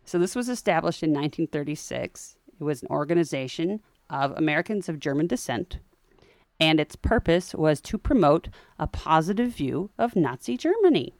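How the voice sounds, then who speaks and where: A woman with a low voice co-hosts a history podcast, narrating in a relaxed, chatty way. She slips in wry jokes and animated asides. The sound is close and dry. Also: moderate pace, no echo. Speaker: podcast co-host. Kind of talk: casual history storytelling.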